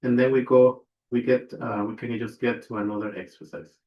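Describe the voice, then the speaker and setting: A man's voice: mid-range voice, fairly even intonation, normal speed. A man teaching a language pronunciation lesson, repeating each example word and checking in with his listeners. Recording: echoey room, dull lo-fi sound.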